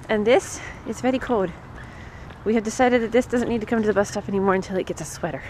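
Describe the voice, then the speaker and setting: A woman's voice: medium pitch, fast talker, a little mellow. A woman, a mother vlogging her family at home and out, playful and teasing, often laughing. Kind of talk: casual family vlog. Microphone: handheld camera. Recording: noisy home camera audio.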